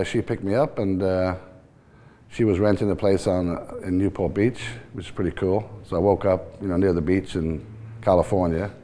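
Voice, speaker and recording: A man in his sixties with a blended Irish and Liverpool accent speaks in a low, mellow voice. He tells stories in a relaxed, rambling way and laughs easily. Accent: Irish and Liverpool mix. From Ireland and England. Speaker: team owner, interview guest. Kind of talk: casual storytelling interview.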